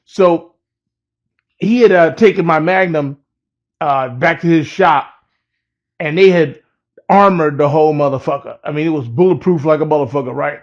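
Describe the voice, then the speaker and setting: A man with a gravelly, somewhat high voice tells a personal story in a loose, laid-back way, swearing freely. The recording is dull and lo-fi. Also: unhurried, long pauses. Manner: profane, laid-back, laughs at his own story. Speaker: rapper telling a personal story. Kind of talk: casual storytelling.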